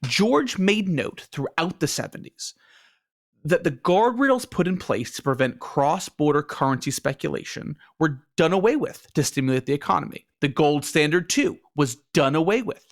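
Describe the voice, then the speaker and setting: A man's voice: a little high, expressive, moderate pace. A man co-hosting a podcast, talking loosely and swearing now and then. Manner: loose and profane, laughs along. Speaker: podcast co-host. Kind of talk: casual chat.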